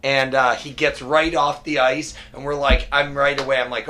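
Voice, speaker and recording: Male podcast host, energetic storyteller, bright and forceful tone. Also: medium pitch, moderate pace, few pauses, a little hiss or hum. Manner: energetic storyteller, quotes people. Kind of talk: casual chat.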